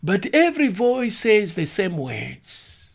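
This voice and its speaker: A man giving scripted critical commentary in a measured, grave, analytical way. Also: sits high, huge pitch swings, creaky.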